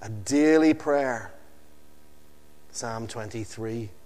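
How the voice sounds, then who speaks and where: A male preacher delivers a sermon in an unhurried, emphatic way, leaning on dramatic pauses and letting each phrase sink low and soft at its end. His voice sits in a middle pitch. The sound carries a long reverb, like a church hall. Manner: slow, emphatic, with dramatic pauses and a falling close.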